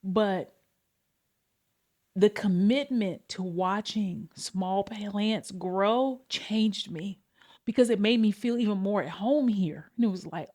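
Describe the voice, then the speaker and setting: A woman hosting her own podcast, talking casually and candidly to her listeners, swearing freely and calling them y'all. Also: slow. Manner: animated, pitch and pace swing widely. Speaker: podcast host. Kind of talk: casual confessional talk.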